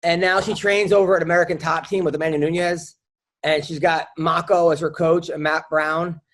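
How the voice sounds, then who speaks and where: High-voiced man hosting a casual podcast. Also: level tone, normal speed, fairly bright tone. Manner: rambling storyteller with many restarts. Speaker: podcast host. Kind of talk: casual chat.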